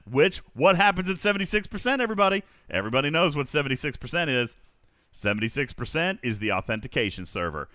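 A man hosts a casual livestream and works through viewer questions. His pitch swings widely as he rambles. The voice has a bright, forceful edge and sounds dry and close to the mic. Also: dry recording. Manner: animated, rambling, reads out chat questions. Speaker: livestream host answering chat questions.

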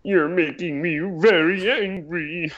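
A man's voice: high voice, slow, fairly bright tone, highs cut off, voice pushed up, exaggerated voice. A man impersonating a small, fussy male Martian cartoon villain, speaking in a prim, clipped, overly polite way. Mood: menacing.

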